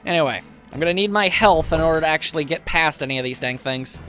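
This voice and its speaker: A man's voice: fairly high pitch, fast talker, sharp tone, soft background music. A man casually commentating a video game as he plays, chatty and wry, with self-mocking asides. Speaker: gameplay commentator. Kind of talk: casual let's play commentary.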